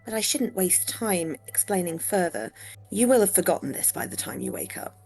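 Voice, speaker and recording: A woman voicing a dry, sarcastic female AI partner, reading game dialogue aloud in a deadpan way. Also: fairly low pitch, moderate pace, gravelly, soft background music. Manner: deadpan, teasing.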